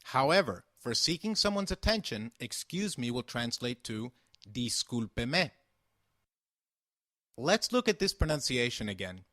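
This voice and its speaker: A man teaching a beginner language lesson, speaking slowly and carefully enunciating each word, with patient prompts and praise. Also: medium pitch, sing-song, bright, forceful tone, no room sound, studio quality.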